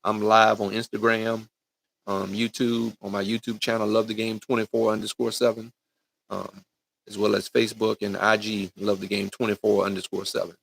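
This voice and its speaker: This middle-aged youth football coach livestreams a folksy, preachy motivational talk, addressing parents and kids head-on with plenty of "right?" and "man." His lowish voice has vocal fry and a fairly bright tone, staying level at normal speed.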